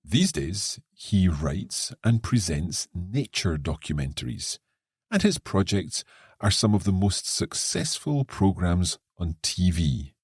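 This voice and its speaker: Deep, husky-voiced man teaching English. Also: sing-song, slow, darkish tone, dry recording, studio quality. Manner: clear and encouraging, reads passages aloud. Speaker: co-host of an English lesson podcast. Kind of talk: reading a text and explaining it.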